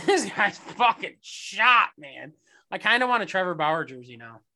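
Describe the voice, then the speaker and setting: A man's voice: sits high, big pitch swings, a little slow, pushed and bright. Ranting sarcastic man in his thirties. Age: 30s. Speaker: podcast co-host. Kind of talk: casual sports chat.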